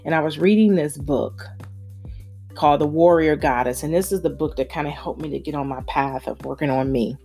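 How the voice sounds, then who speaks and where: A woman's voice: brisk, dark tone. A woman in her forties candidly telling a personal story, holding back tears and acting out the voices she quotes, with faint music behind her. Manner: candid, acts out quoted voices with big pitch jumps. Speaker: speaker sharing a personal story.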